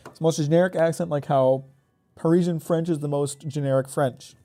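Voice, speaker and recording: Casual Midwestern guy streaming, slightly high. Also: fairly even intonation, fairly quick, mellow, soft background music. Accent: Midwestern American. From Oregon, raised in Michigan. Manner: casual, rambling, swears freely. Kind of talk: live gameplay commentary chatting with viewers.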